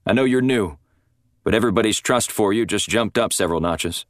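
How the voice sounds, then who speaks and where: A man voicing a deliberate, courteous prison warden who speaks in a measured way. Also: fairly low pitch, no echo, studio quality, natural voice.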